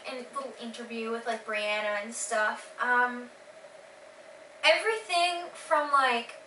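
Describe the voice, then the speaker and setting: A teenage girl casually recounting her day in a vlog, gushing and excited with lots of fillers. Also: a little high, echoey room, recorded from a distance, slight background noise, rough recording. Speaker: vlogger.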